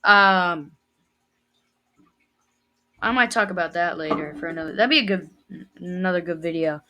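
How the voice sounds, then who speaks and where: A woman's voice: on the low side, normal speed, pushed and bright. A teenage girl telling a rambling, emotional story in a casual vlog, full of fillers. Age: teens. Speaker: vlogger.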